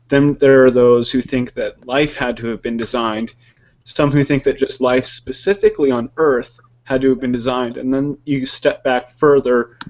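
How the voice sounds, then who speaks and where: A man in a casual discussion, asking a long, structured question in measured terms. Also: medium pitch, a little mellow, lo-fi sound.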